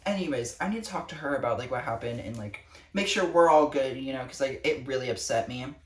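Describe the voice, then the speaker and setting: A teenage girl rants to her camera, swearing freely and sounding fed up. Her voice sits low but swings widely up and down as she vents. The sound is echoey and picked up from a distance. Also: expressive, fairly quick. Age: teens. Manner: profane, exasperated ranting. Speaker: vlogger. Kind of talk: casual rant to camera. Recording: echoey room, distant mic.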